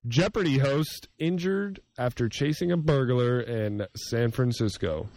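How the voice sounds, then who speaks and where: A man hosting a casual podcast, relaxed and jokey, laughing often. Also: medium pitch, unhurried, dry recording. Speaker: podcast host. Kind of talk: casual chat.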